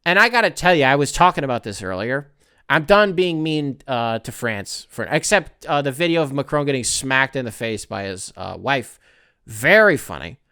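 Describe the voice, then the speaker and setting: A man's voice: medium pitch, animated, moderate pace, bright, forceful tone, clear, resonant tone, no echo, clean studio sound. A man hosting his own podcast, talking alone in a rambling, profane, tongue-in-cheek way. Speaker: podcast host. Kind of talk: casual solo commentary.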